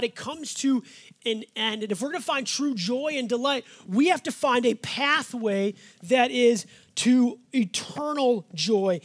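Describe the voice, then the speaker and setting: A man, a pastor with five kids, preaching a sermon in a folksy, conversational way and slowing down to stress the scripture he reads. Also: very high-pitched, a bit bright, slightly rough.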